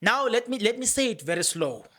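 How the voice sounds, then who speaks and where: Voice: medium pitch, very animated, a little fast, bright, forceful tone. A podcast host gives casual commentary on court proceedings, talking freely and often repeating or restarting phrases. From South Africa. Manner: talkative, repeats and restarts phrases, reads out documents.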